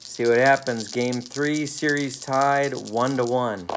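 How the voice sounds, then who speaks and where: A man's voice: mid-range voice, fairly even intonation, slow pace, slight background noise. A man calling mock play-by-play for a tabletop baseball game at home, with dry, playful broadcaster patter. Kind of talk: mock radio play-by-play commentary. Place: home living room.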